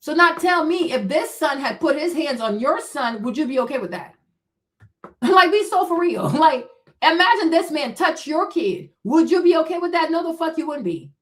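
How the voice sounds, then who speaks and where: A woman's voice: high voice, expressive, moderate pace, a bit bright. A woman hosting a livestream, giving heated, blunt, profane commentary and talking back to her chat. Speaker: livestream host.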